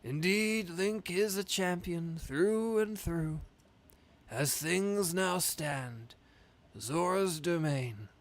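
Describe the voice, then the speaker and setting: A pompous old fish king holds court in a raised, unhurried voice, as a man puts him on. Each formal phrase is stretched out with a rhythm that sounds like a politician's. It is a video game character read aloud during a stream. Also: on the high side. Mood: solemn. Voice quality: grand, drawn-out delivery with Trump-like rhythms.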